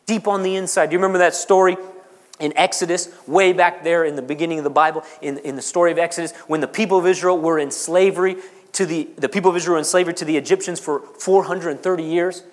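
A man preaching a sermon, repeating phrases for emphasis and pausing dramatically. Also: on the high side, steady tone. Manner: repetitive, emphatic delivery with dramatic pauses. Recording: long reverb of a large hall.

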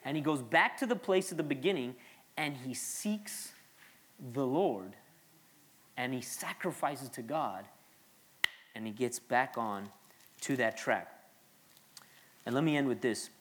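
A man's voice: medium pitch, a little slow, long pauses, fairly bright tone. Earnest man preaching a conversational sermon. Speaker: pastor.

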